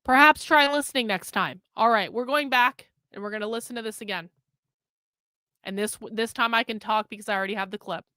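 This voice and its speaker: A woman's voice: fairly high pitch, a little fast, pushed and bright, clear, resonant tone, no room sound. A woman hosting a livestream, bluntly scolding viewers in the chat with heavy profanity. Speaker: livestream host.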